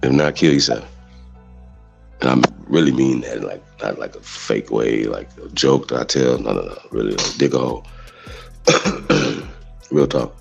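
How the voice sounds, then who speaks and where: Deep gravelly man. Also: moderate pace, soft background music. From Mississippi. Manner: blunt, heated, rambling, profane. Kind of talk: casual livestream talk. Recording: dull lo-fi audio.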